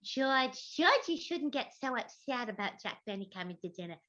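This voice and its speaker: Brief: actress doing a sweet, scatterbrained radio-era wife, lilting and a bit high, old-time radio comedy style, dull lo-fi sound. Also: female voice, big pitch swings, moderate pace, bright, forceful tone, echoey room, heavily acted. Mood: sweetly scolding. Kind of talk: 1940s radio acting.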